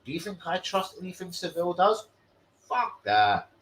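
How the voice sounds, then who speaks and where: A young man hosting a football stream, swearing and bantering loudly in street slang. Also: sits high, big pitch swings, moderate pace, a little hiss or hum, poor audio. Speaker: football fan channel host. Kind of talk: live stream chat.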